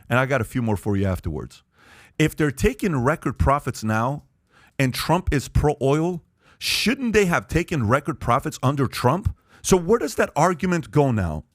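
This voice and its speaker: A man's voice: mid-range voice, no room sound, studio quality. A man hosting a podcast panel, talking emphatically and firing rhetorical questions at the group. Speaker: podcast host. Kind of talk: animated podcast talk.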